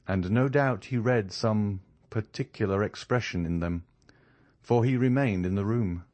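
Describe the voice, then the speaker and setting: A man narrating a classic novel audiobook in a measured, even reading. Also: on the low side. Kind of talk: scripted narration.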